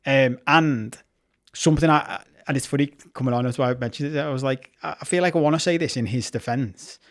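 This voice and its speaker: A man's voice: mid-range voice, fairly quick. A man co-hosting a football podcast in casual chat, talking with heated passion, swearing freely and restarting his sentences. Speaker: podcast co-host.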